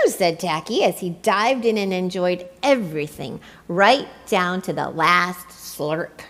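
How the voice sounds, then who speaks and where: A woman reading a children's picture book aloud in an expressive, playful way. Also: on the low side, slow pace, few pauses. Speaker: storyteller. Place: church.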